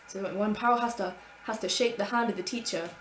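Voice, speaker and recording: Woman vlogger, young adult, lively storytime delivery, roomy echo, faint hum behind. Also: medium pitch, brisk. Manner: animated, swears freely, acts out her own past thoughts. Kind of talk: casual storytime monologue.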